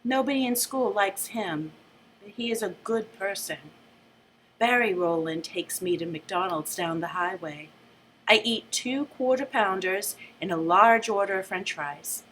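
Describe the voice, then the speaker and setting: A woman teacher reading a book aloud with a lively, shifting delivery, then summing it up casually. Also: mid-range voice, unhurried, slight background noise.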